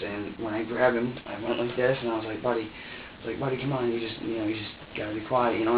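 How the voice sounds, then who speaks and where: A man's voice: medium pitch, distant mic, a little hiss or hum. A man under police interrogation, recounting events to detectives in a rambling way, repeating himself and acting out his own words. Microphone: far room camera. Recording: echoey, dull room recording from afar.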